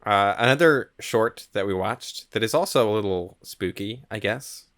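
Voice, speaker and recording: A man co-hosting a film history podcast, talking in a relaxed way full of "like" and "um". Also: lowish voice, normal speed. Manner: relaxed, hedging with "like" and "um". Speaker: podcast co-host. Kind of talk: casual film history chat.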